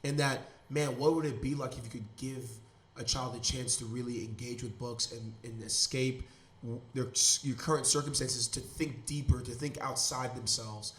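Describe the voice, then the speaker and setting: Chill guy hosting a podcast, talks fast and loose, hypes stuff up, mid-pitched voice. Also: steady tone, a bit bright. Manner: enthusiastic, rambling, slangy. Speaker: podcast host. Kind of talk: casual chat.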